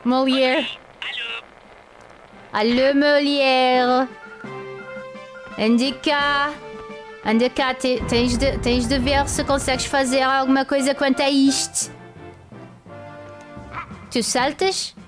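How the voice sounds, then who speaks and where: Slow-talking, self-mocking woman streamer. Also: high-pitched, little pitch movement, over music, low-quality recording. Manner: rambling, self-mocking, many restarts. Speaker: VTuber game streamer. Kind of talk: casual gameplay commentary.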